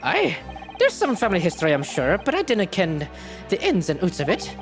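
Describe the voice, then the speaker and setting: A woman's voice: lowish voice, huge pitch swings, brisk, over music. A woman voicing a curt, grudging Scottish man with a put-on Scottish accent, reading his game lines in a clipped, grumbling way. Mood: gruff. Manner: clipped, grumbling dialect delivery.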